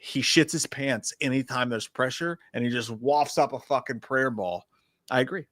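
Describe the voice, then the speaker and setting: A man's voice: medium pitch, moderate pace, a bit bright, no room sound, studio quality. A man co-hosting a live movie stream, ranting bluntly with heavy swearing. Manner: blunt, profane, heated ranting. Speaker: co-host. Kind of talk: casual live-stream chat.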